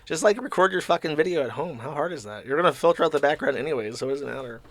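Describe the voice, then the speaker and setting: A man's voice: on the high side, lively intonation, very fast. A man hosting a livestream, reading paid donations aloud and answering them with mocking, profane commentary. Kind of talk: casual commentary stream.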